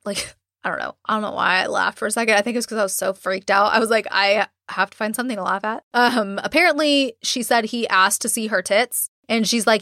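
A woman's voice: medium pitch, a little fast, fairly bright tone, dry recording, clean studio sound. A woman podcast host casually retelling a haunted-house episode, acting out quotes and swearing freely. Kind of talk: casual storytelling chat.

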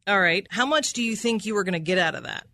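A woman's voice: mid-range voice, animated, fast, bright, forceful tone, dry recording. A woman prosecutor cross-examining a witness in an aggressive, accusatory manner, repeating his answers back and ending with "right?".

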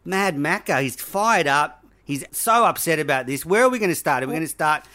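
Brief: Australian man hosting, playful needling, reads stats, slightly high pitch. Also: expressive, brisk, sharp tone. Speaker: podcast host. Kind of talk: casual chat.

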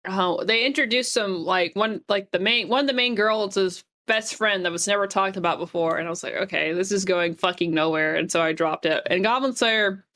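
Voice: medium pitch, normal speed, hardly any pauses, pushed and bright. A podcast host in casual chat, rambling along in a laid-back way.

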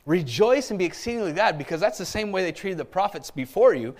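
Middle-aged male pastor, sermon delivery, voice sits a bit high and swings widely, keeps asking the room for an amen. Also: quick pace. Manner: animated preaching with asides and call-outs for amens.

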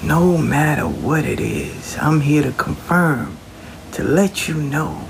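A man's voice: on the high side, very animated, a little slow, vocal fry, music in the background. A man giving a casual, colloquial spiritual pep talk, reassuring the listener and repeating his phrases. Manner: colloquial, slangy. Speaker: motivational speaker.

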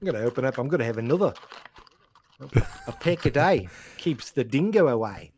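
A man's voice: medium pitch, lively intonation, fairly quick, darkish tone, a little hiss or hum, natural voice. A man voicing a jokey, brash Australian bloke in an exaggerated, put-on fake Australian accent. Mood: joking.

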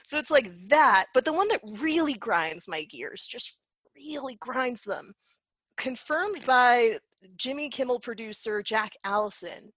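A woman's voice: a little high, fairly bright tone, no room sound. A woman ranting in a casual commentary, swearing freely, laughing often and mocking quotes in put-on voices. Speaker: commentary host.

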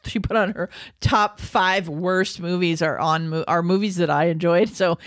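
A woman's voice: on the low side, steady tone, moderate pace, dry recording, studio quality. A woman co-hosting a podcast, chatty and enthusiastic, laughing often. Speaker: podcast co-host. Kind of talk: casual chat.

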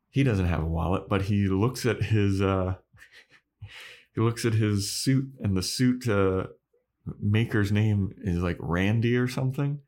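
A man co-hosting a podcast, chatting casually and acting out characters' lines in quick put-on voices. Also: fairly low pitch, darkish tone. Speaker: podcast co-host. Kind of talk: casual chat recapping an episode.

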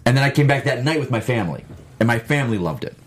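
A man from Florida on a casual panel chat, telling stories in an animated way. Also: medium pitch, rapid-fire. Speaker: panel guest.

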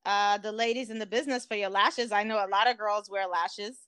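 A woman's voice: medium pitch, fairly even intonation, fairly quick, fairly bright tone, smooth, dry recording, clean studio sound. A woman co-hosting a podcast, talking casually and teasing with jokes. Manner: teasing, joking. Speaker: podcast co-host.

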